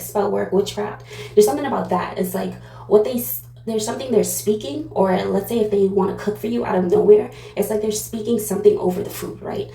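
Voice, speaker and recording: A woman's voice: mid-range voice, creaky, mellow, echoey room, poor audio. A woman giving a casual pick-a-card tarot reading, rambling and digressive with lots of fillers. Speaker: tarot reader.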